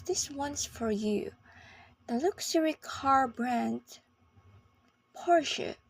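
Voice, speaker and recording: A woman giving a scripted pronunciation lesson, speaking slowly and carefully, often half-whispered. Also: fairly high pitch, breathy edge. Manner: slow, careful enunciation with long pauses. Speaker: pronunciation teacher.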